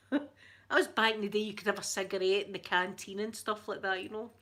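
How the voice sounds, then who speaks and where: A woman's voice: medium pitch, level tone, fairly quick, fairly bright tone. A middle-aged woman with a thick Scottish accent, chatting casually with viewers on her livestream, laughing often. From Scotland. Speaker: livestream host. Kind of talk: casual chat with live viewers.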